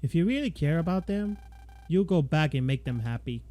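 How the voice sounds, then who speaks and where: A man voicing a gentle, loving father who speaks softly and encouragingly. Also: a little high, expressive, normal speed, close to an everyday voice. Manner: soft and encouraging.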